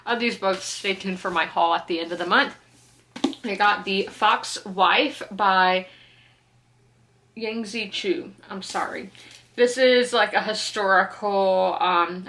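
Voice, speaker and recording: In relaxed vlog chat, a South Carolina book vlogger in her 20s giggles her way through opinions on what she's been reading. Her mid-range voice has a sharp tone, and there's a little hiss or hum on the recording.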